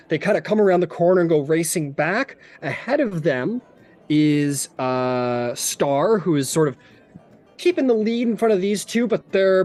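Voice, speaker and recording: A man runs a tabletop game with a fairly high-pitched voice. He narrates in a loose, casual style with plenty of fillers. His manner is chatty and relaxed. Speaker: game master.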